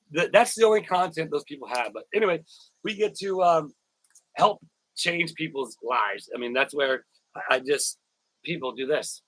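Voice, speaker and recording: A man's voice: a little high, a bit bright, no room sound, rough recording. A man hosting a casual live stream, rambling, repeating words and thanking viewers by name. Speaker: YouTuber live-stream host.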